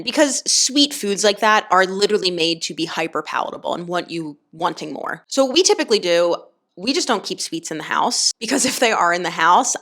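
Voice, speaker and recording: A woman's voice: medium pitch, a bit bright. A young woman, a personal trainer, chatting casually to camera and explaining her views with lots of "like" fillers.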